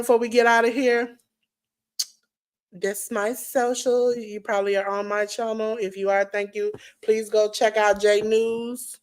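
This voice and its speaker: Hyped, hoarse woman podcast co-host. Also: mid-range voice. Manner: hyped, playful, swings from loud to soft. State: losing her voice. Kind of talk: live-stream sign-off.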